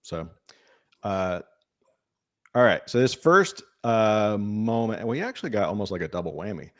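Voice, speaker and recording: Male co-host, low voice, dry and wry, casual podcast talk. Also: big pitch swings, moderate pace, a bit bright. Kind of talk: casual political chat.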